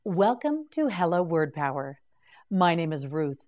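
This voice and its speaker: A woman leads a slow, deliberate vocabulary lesson. Her voice sits a little low but moves a lot, and she sounds each word out clearly and then prompts the listener to repeat it. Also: very animated, a little mellow. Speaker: English vocabulary teacher.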